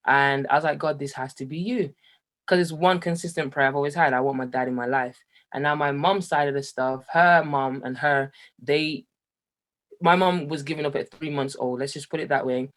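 A young man from Jamaica speaks as an interview guest, sharing a candid personal story. He talks in a lively, animated way, laughing often, and his voice climbs higher and louder as he gets excited. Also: normal speed. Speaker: guest, musician.

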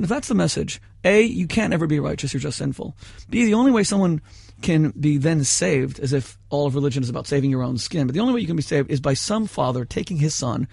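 A man's voice: fairly high pitch, expressive, fast, gravelly, darkish tone, slightly rough, no room sound, studio quality. A man arguing his case in a heated debate, impassioned and rhetorical, often cutting in.

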